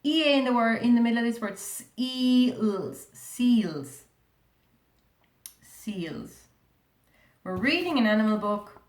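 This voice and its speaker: A woman with an Irish accent teaching a primary school reading lesson, sounding out words slowly and asking the class many questions. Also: on the high side, reverberant. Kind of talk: recorded remote reading lesson.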